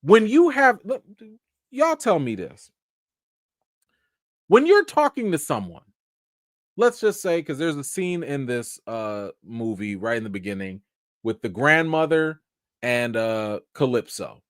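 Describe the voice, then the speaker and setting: A man hosts a live stream film review, his pitch swinging up and down as he drives each point home. He talks straight to his viewers and repeats himself for emphasis. The sound is dry and close, with no room echo. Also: very animated, measured pace.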